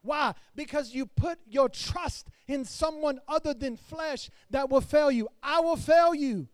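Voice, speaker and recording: A man preaches to his congregation in a strikingly high voice. He swells louder and drops softer as he preaches. The sound is dry, with almost no room echo. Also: unhurried. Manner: preaching to a congregation, rising and falling in loudness. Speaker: pastor. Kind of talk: sermon.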